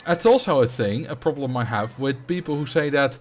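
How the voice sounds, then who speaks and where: A man's voice: medium pitch, expressive, brisk. Chatty Dutch man streaming. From Netherlands. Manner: chatty, rambling, reacts to chat with fillers. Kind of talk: casual livestream chat.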